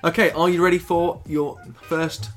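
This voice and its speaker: A man's voice: a little high, little pitch movement, moderate pace, faint music behind. A man co-hosting a casual podcast, giggly and rambling, swearing now and then. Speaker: podcast co-host. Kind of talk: casual chat.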